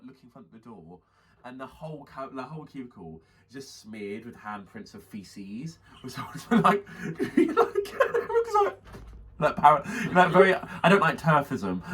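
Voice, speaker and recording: A man's voice: mid-range voice, fairly bright tone, a little hiss or hum. A young man with an English accent, co-hosting a comedy podcast and telling a long, camp, gossipy story. He calls his co-host honey and mama, laughs often and acts out the people he quotes.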